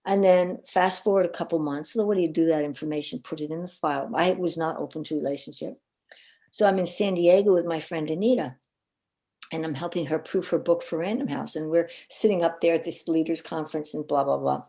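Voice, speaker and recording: A warm, low-voiced woman, a coach and minister, tells earnest personal stories a little fast during a podcast interview. She's an animated storyteller who repeats words frequently.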